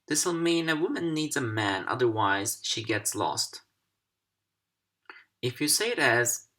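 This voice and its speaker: A man teaching English over slides, speaking slowly and deliberately with careful pauses. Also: mid-range voice, sing-song, creaky, bright, forceful tone. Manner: slow, deliberate, carefully paced. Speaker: English language instructor. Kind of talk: slide-based recorded lesson.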